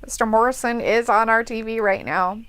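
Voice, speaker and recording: A woman's voice: on the high side, fairly even intonation, normal speed, fairly bright tone, clear, resonant tone. A woman co-hosting a live stream in casual chat, blunt and crude, laughing often. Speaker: co-host of a wrestling live stream.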